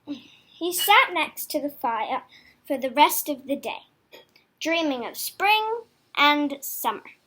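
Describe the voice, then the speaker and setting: A woman reading a children's picture book aloud in a slow, expressive way. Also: high-pitched. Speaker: storybook reader.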